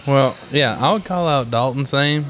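A man trades easygoing, drawling banter on a podcast. His voice is mid-pitched and relaxed. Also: normal speed, slight background noise. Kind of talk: casual chat.

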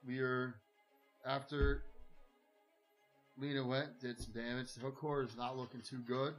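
Man in the DM chair, mid-pitched and easygoing as he tallies hits and misses, with light music underneath. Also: a little slow, low-quality recording. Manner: calls rolls and damage in a relaxed, matter-of-fact way. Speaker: dungeon master. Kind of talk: running a tabletop game.

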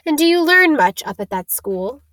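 A woman's voice: sits high, sing-song, fairly bright tone, dry recording, pitched above the performer's own voice. Woman voicing a sorrowful centaur. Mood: solemn. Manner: slow, sorrowful, cryptic. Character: solemn male centaur, cryptic and sorrowful.

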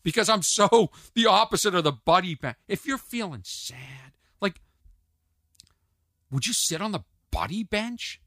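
Male podcast host, animated comic rant, bright edge, dead-dry sound. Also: a little high, dry recording. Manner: animated, ranting, mimics others in asides. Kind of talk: comedic solo podcast monologue. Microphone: podcast mic on video.

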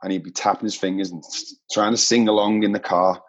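A podcast guest shares heartfelt personal stories earnestly and emotionally, often saying "mate." His voice is fairly low, fast and fairly even in intonation, captured in dull lo-fi sound.

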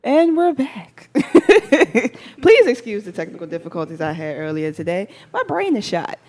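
A woman hosting a casual talk show from a studio, chatty and quick to laugh. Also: mid-range voice, big pitch swings, darkish tone. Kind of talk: casual chat.

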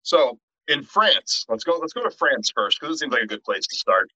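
A middle-aged man co-hosting a horror podcast in casual chat, animated, tripping over restarts and swearing freely. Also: mid-range voice, moderate pace, no echo. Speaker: podcast co-host. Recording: dull, lo-fi and dry.

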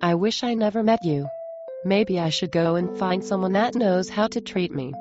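An actress playing a cruel wife who hurls insults at her husband in a flat, cold way, in a muffled recording with music underneath. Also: mid-range voice, moderate pace, natural voice. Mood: contemptuous. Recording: muffled sound with music behind.

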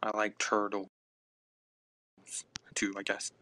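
Male podcast host, unhurried casual rambler, reads and answers chat on a phone mic. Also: lowish voice, completely flat delivery, pushed and bright, a little hiss or hum. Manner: rambling, reacts to listener comments aloud.

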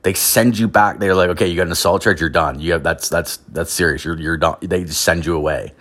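A man's voice: sits low, brisk, a bit bright. A man ranting casually, rambling with constant filler words and heavy swearing. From Canada. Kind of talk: profane casual rant.

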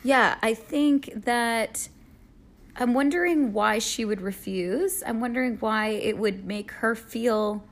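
Slow-talking, giggly woman with a higher voice. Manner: giggly, agreeable, thinks aloud. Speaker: podcast co-host. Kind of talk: casual advice chat.

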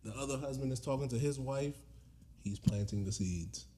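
A man's voice: medium pitch, normal speed. A man co-hosting a casual chat, telling a long story with speech and acting out the people in it. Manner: animated, acts out voices of people in the story. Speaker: podcast co-host telling a story.

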